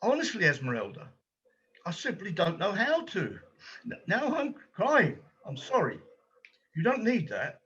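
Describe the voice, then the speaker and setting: A man's voice: sits high, wildly swooping pitch, moderate pace, a bit bright, husky, highs cut off, exaggerated voice. A man playing an anxious, kind-hearted volunteer gallery guide who hesitates and stumbles over his words, in an amateur stage drama.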